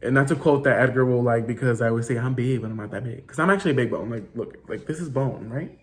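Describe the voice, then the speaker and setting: A young man tells a story from his school days in a casual, rambling way, full of fillers and restarts. His voice is mid-pitched, and he swears freely and mixes Spanish words into his talk. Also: fast talker, slight background noise. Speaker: vlogger telling a story.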